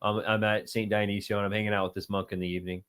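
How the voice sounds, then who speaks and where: A man in his thirties from the United States, co-hosting a casual podcast and telling a travel story with lively quoted voices. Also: on the low side, rapid-fire, smooth. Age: 30s. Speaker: podcast co-host.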